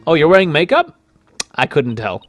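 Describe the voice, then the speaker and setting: A man's voice: a little high, sing-song, moderate pace, dry recording, faint music behind. A man voicing an earnest young male defense lawyer in a video game, with a dry, skeptical edge. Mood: wry. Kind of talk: reading game dialogue aloud.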